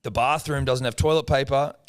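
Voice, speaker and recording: A young Australian man riffing on a comedy podcast, his voice sitting at an ordinary middle pitch. He tells stories with plenty of swearing and jumps into quick impressions of the people in them. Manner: animated, profane storytelling with acted quotes. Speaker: podcast co-host. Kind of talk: casual comedic chat.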